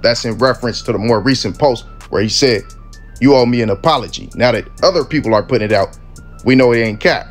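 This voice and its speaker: A man hosting commentary over clips, talking in relaxed street slang. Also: medium pitch, fast talker, soft background music. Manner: laid-back street slang, conversational. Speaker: commentary channel host.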